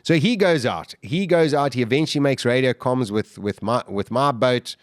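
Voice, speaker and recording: A man, a podcast guest, telling his survival story in an animated way, full of restarts and repeated words. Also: medium pitch, moderate pace, dry recording, studio quality. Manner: vivid, animated retelling with restarts. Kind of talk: interview storytelling.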